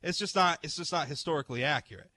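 A man hosting a casual talk show, his voice bright and forceful and sitting slightly high. He talks things through out loud, doubling back on his words and reading quotes off the page. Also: fast talker. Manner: chatty, self-interrupting, reads articles aloud. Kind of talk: casual opinion chat.

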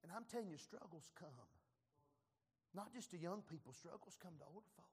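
An older man preaching a sermon, telling folksy stories and breaking into loud shouted prayers. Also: high-pitched, expressive, normal speed, slightly rough. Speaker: pastor. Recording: long echoey church reverb.

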